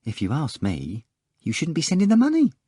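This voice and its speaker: A man voicing an explosive, hot-tempered male theatre manager who yells and roars in a rage. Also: on the high side, huge pitch swings, a little fast, husky, no room sound, studio quality, voice pushed up, exaggerated voice. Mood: anxious. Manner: yelling, roaring in a rage.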